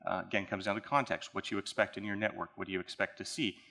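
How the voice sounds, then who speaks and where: Speaking fast at a conference, a man guides listeners through a technical case study with an easygoing, conversational manner. His fairly low voice holds a steady tone and comes across bright and forceful, echoing the conference hall setting.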